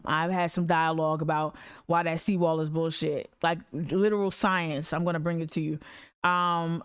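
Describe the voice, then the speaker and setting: Fired-up woman podcast host, smooth voice. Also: on the low side. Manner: profane, fired-up ranting, reading articles aloud. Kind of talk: casual livestream commentary.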